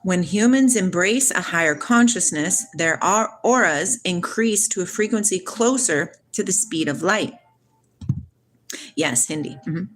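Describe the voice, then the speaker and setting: A woman hosting a casual spiritual livestream, talking back to her chat in an excitable, preachy way. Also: fairly low pitch, unhurried, slight background noise. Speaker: livestream host reading chat.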